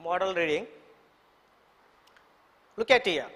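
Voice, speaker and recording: A man with an Indian English accent teaches children English, spelling each word letter by letter and repeating it. He speaks slowly in a high voice. The recording has a long, echoey reverb. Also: lively intonation, sharp tone. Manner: slow, repetitive, spells words letter by letter. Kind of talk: online English lesson for children.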